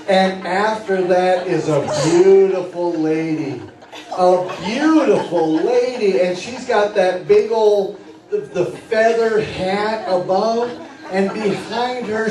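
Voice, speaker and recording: Slow-talking man hypnotist on a roomy stage. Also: sits high, darkish tone. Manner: slow, coaxing, playful suggestions. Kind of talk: hypnosis stage show patter. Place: party venue with audience. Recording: echoey room from far off, faint music.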